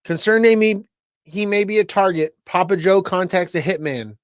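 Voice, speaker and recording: A man co-hosting a podcast, excitable and profane, laughing often in casual chat. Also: high-pitched, moderate pace, dry recording. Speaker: podcast co-host.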